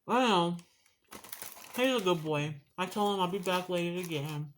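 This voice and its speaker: A woman's voice: lowish voice, expressive, moderate pace, slight background noise. A woman talking to her viewers in a casual home vlog, emotional and rambling, swearing casually. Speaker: vlogger. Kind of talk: casual vlog while eating.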